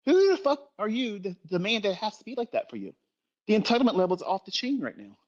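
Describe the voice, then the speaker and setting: A man's voice: high voice, very animated, quick pace, a little mellow, muffled recording. A middle-aged man speaking in an impassioned livestream rant about trading, blunt and emphatic, swearing constantly and repeating himself for force.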